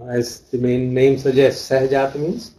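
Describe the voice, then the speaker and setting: A man's voice: mid-range voice, little pitch movement, moderate pace, dark tone, poor audio. A man teaching a study class, reading out texts and glossing Pali terms as he explains them. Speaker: dharma teacher.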